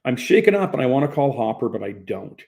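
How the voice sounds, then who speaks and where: A man's voice: medium pitch, big pitch swings, fast, mellow. A young man narrating a first-person audiobook in a plain, conversational storytelling manner.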